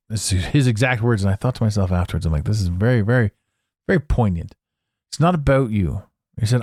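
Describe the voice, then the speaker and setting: A man's voice: mid-range voice, big pitch swings, quick pace, a little mellow, no echo, studio quality. A man hosting a podcast, talking in a blunt, profane, casual monologue. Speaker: podcast host.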